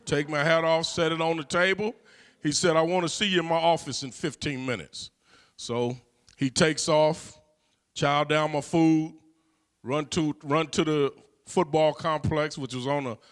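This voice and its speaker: A man's voice: a little high, fairly bright tone. A middle-aged man from California telling a personal life story in a conversational way, with frequent "you know" fillers. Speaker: guest.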